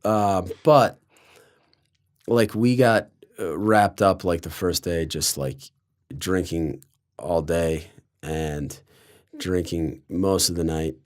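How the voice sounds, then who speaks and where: A man's voice: low voice, takes it slowly, a little mellow. A young man from Colorado telling a story on a podcast, loose and sarcastic, filling his talk with "like". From Colorado, USA. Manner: loose, sarcastic, heavy use of "like". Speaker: podcast guest. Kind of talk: casual storytelling.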